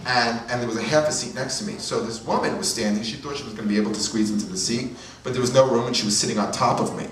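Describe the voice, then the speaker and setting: A man's voice: mid-range voice, racing. A male stand-up comedian from Brooklyn, telling self-mocking stories in a rambling, chatty way on a club stage, heard from far off with an audience laughing. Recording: echoey club from far off with crowd.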